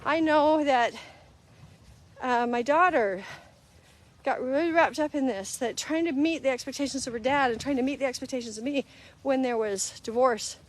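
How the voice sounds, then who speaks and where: A woman's voice: sits high, normal speed. A middle-aged woman hosting a casual live-stream talk, earnest and conversational, acting out little quoted exchanges as she goes. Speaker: host.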